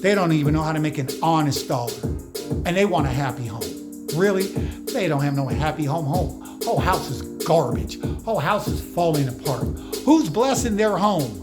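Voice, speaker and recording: A man's voice: on the high side, lively intonation, normal speed. A man giving an emphatic, slangy motivational monologue on spiritual matters, lecturing his viewers directly. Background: music playing behind.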